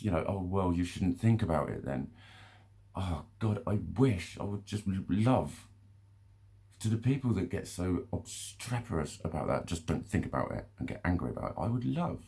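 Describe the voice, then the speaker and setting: Man, vlogger; very low, husky voice; loose, sweary, rambling monologue. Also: a little mellow. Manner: rambling, swears a lot, self-interrupting; laughs between phrases. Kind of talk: casual monologue to camera.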